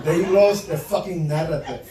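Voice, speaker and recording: High-voiced man doing crude stand-up. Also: moderate pace, very noisy. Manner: crude, punchy joke delivery with frequent profanity. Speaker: stand-up comedian. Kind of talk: stand-up comedy set. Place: comedy club stage before a laughing audience. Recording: echoey club room, mic at a distance.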